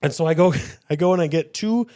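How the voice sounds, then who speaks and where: A man's voice: high-pitched, fairly quick, warm tone, clear, resonant tone, no room sound, studio quality. A man co-hosting a casual podcast, telling a long story with laughter and swearing. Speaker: podcast co-host.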